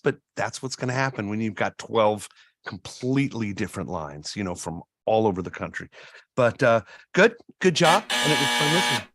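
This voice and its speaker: A man's voice: mid-range voice, fairly bright tone, no room sound. A man serves as judge on a live voice-over show, talking through his feedback in a loose, rambling way with plenty of ums. The sound is dry and close. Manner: rambling, filler-heavy feedback. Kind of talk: casual critique.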